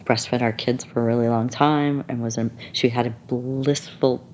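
A woman guest talking candidly in conversation, animated, laughing often and acting out the people she quotes. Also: rumbling low, moderate pace, a little hiss or hum.

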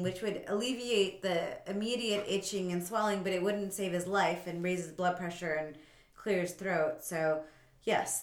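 A woman's voice: medium pitch, echoey room. Woman doctor explaining on a podcast. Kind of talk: casual podcast chat.

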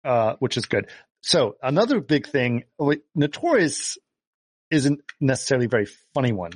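A man in casual chat about old movies, with a middle-pitched voice. He laughs easily and stumbles through fillers as he talks. The sound is dry and close. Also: very animated, moderate pace, no room sound. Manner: laughs often, many fillers and restarts. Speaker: podcast co-host.

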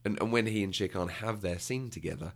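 A man's voice: lowish voice, a little fast. A British man co-hosting a podcast, talking casually and often laughing. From Britain. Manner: chatty, laughs often, acts out quotes. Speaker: podcast co-host. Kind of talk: casual chat.

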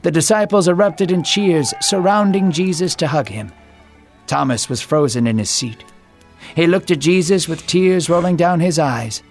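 A man with a somewhat high voice tells a Bible story in a steady, storytelling manner. Soft music runs quietly beneath his narration. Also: moderate pace.

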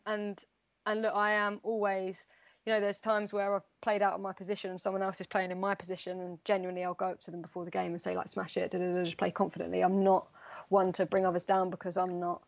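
A woman's voice: medium pitch, muffled recording. A young woman, a footballer, chatting casually in an interview, rambling with lots of fillers. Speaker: footballer guest.

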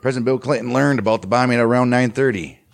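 A man's voice: medium pitch, racing, creaky. A man co-hosting a podcast, reading history aloud with muttered reactions and some stumbles. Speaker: podcast co-host. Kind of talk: reading history and casual chat.

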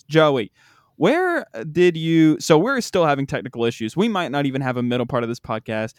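A young man with a light Southern country accent hosts a casual podcast. He has a slightly high voice whose pitch leaps around as he rants in disbelief. The sound is dry and close. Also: normal speed, smooth, dry recording. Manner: animated, incredulous ranting. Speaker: podcast host.

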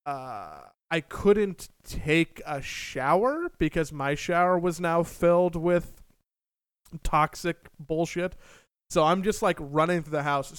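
A young man tells a story with animated, self-mocking energy and plenty of swearing. His voice sits a little high and comes through smooth and clear. The sound is dry and close. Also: dry recording. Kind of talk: casual storytelling chat.

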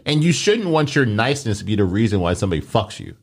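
Lively low-voiced man, blunt chat. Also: quick pace. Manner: opinionated, loose, swears freely. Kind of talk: casual chat.

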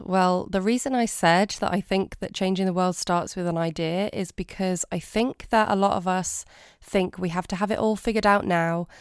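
A woman's voice: fairly low pitch, smooth, no echo, studio quality. A woman hosting a solo podcast, sounding nasal from a cold and talking in a candid, earnest way. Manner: candid, earnest and self-doubting. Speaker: podcast host.

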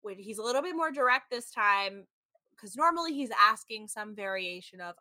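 Animated, bright-voiced woman podcaster. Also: mid-range voice, normal speed, no echo. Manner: animated storytelling, frequent "like", acts out quotes. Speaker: podcast co-host. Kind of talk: casual chat recapping a reality show.

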